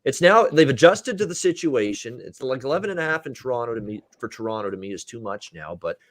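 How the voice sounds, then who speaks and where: A man's voice: mid-range voice, very animated, quick pace, no room sound. A man hosting a sports betting talk show, chatting loosely with many fillers.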